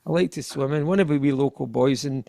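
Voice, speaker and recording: A man's voice: mid-range voice, fast, gravelly, warm tone, no room sound, studio quality. A Scottish man, a keyboardist and interview guest, chatting casually and rambling with frequent restarts.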